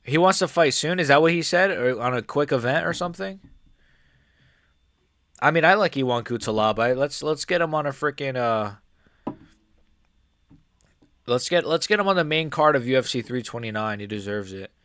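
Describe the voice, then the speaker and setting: A man chats through a live stream, rambling, excitable and often restarting his sentences mid-thought. His voice sits at an ordinary middle pitch. The sound is dry and close, with no room echo. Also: a little fast. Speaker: MMA YouTuber and live streamer. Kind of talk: casual live-stream commentary.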